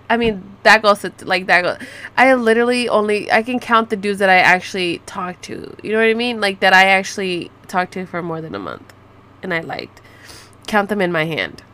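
Thirties woman vlogger, sarcastic and profane, mid-pitched, casual rant energy. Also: a bit bright. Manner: sarcastic, profane, mixes in Spanish slang.

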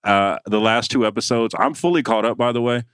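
A man's voice: mid-range voice, fairly quick, fairly bright tone, smooth, dry recording, studio quality. A man co-hosting a podcast in casual chat, teasing his co-host, swearing freely and repeating lines for emphasis.

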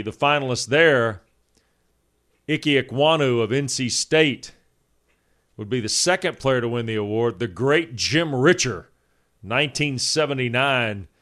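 A man co-hosting sports radio, reading off award facts in a brisk way with dry humor. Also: mid-range voice, a bit bright. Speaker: radio co-host.

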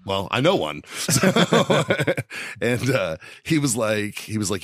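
A man's voice: on the low side, very animated, slow, a bit bright, no room sound. A man hosting a podcast in a studio, telling a long, profane, rambling story with frequent laughs. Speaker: podcast host.

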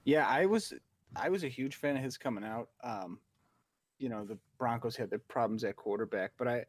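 Man, fantasy analyst, upbeat, mid pitch, dry room. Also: no echo. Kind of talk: casual podcast chat.

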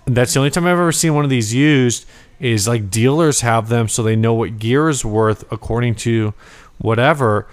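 A man's voice: medium pitch, moderate pace, smooth. A man co-hosting a casual podcast chat, rambling and hesitant, often breaking into laughter. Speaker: podcast co-host.

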